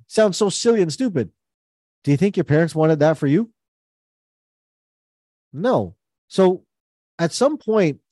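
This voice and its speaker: A man gives a motivational talk, his pitch swinging widely as he presses his points. His voice is warm and mellow, and the recording is close and dry. He hammers key phrases home by saying them again and again. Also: dry recording. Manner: emphatic, repeats key phrases. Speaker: host. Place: call with listeners.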